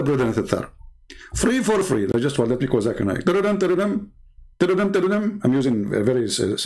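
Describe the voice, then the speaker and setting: A man with a fairly high voice talks in a sarcastic, mocking way. He delivers a polemical monologue to a live-stream audience and chuckles at his own jabs. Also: a little mellow.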